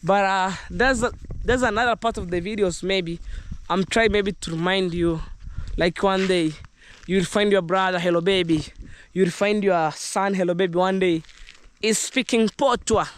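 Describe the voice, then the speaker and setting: Strolling outdoors through the countryside, a young man with a Kenyan accent talks casually to camera in his vlog, his voice high and steady at normal speed over slight background noise. He keeps up an upbeat, rambling chat with viewers, using some Jamaican slang.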